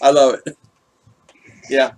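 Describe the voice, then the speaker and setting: A man's voice: medium pitch, level tone, slow pace, a little mellow. A middle-aged man hosting a casual livestream, chatting and greeting viewers in the chat by name. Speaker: vlog host reading live chat.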